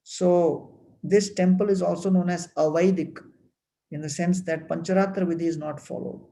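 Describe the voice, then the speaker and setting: A man giving a devotional talk, explaining temple wonders in an unhurried way with frequent fillers. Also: high voice, steady tone, gravelly, dark tone, poor audio. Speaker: temple speaker.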